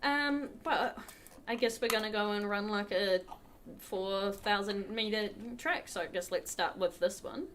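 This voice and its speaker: A woman's voice: medium pitch, measured pace, a bit bright, slight background noise. Chatty woman streaming a game. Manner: chatty, talks to the chat while playing. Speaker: livestream host. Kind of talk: casual gameplay commentary.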